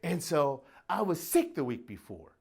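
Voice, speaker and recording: Animated middle-aged motivational speaker man. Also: fairly high pitch, normal speed, gravelly, breathy edge. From Detroit, USA. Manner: animated, emphatic, folksy, laughs often, asks "right?". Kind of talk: motivational talk. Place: workplace event room.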